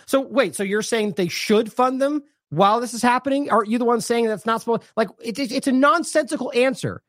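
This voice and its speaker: A man's voice: very high-pitched, fairly quick, few pauses, a bit bright, no room sound, studio quality. A man hosting an independent news show, delivering indignant, sarcastic commentary with heavy emphasis.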